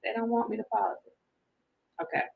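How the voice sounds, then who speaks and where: Woman, higher pitch, casual commentary, playful, laughing. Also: normal speed, vocal fry, phone-quality sound, a little hiss or hum. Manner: laughing, playful Southern-style slang. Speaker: commentary vlogger.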